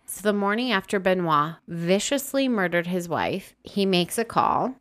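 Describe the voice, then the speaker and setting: A woman's voice: on the low side, sing-song, normal speed, a bit bright. A woman co-hosting a podcast, narrating from her notes with dry asides to her co-host. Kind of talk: true crime podcast narration and chat.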